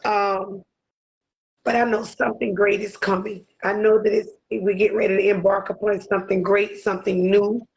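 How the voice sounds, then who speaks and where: A woman's voice: mid-range voice, little pitch movement, normal speed, creaky, darkish tone, lo-fi sound. A woman co-hosting a podcast, voicing heartfelt, near-tearful gratitude and repeating her phrases. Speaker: podcast co-host. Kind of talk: emotional podcast chat.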